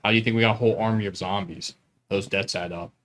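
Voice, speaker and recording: A man narrating as game master of a tabletop role-playing game, playful and quick with asides. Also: lowish voice, steady tone, fairly bright tone, a little hiss or hum.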